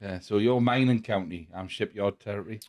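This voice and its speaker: A man's voice: lowish voice, brisk, a little mellow. A man with a Tyneside accent co-hosting a podcast, dry and teasing in a casual chat. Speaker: podcast co-host.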